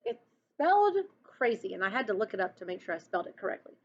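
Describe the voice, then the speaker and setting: A woman's voice: mid-range voice, fairly even intonation, racing, fairly bright tone, slightly rough. A woman teacher giving a recorded lesson, patiently explaining to children, on a dull lo-fi recording. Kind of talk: recorded class lesson and read-aloud.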